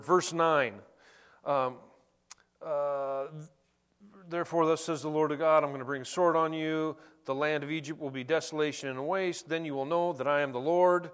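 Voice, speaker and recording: A middle-aged man preaching a sermon, conversational and animated, telling stories between scripture readings. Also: fairly high pitch, a little slow, clear, resonant tone. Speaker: pastor.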